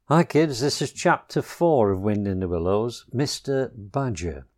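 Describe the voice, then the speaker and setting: A man reading a children's storybook chapter aloud, slow and expressive. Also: mid-range voice.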